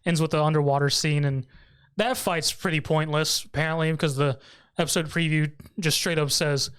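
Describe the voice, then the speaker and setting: A man's voice: fairly high pitch, fairly even intonation, brisk, a bit bright, smooth. A man co-hosting a podcast, casually recapping an anime episode, laughing often and briefly mimicking the characters. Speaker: podcast co-host.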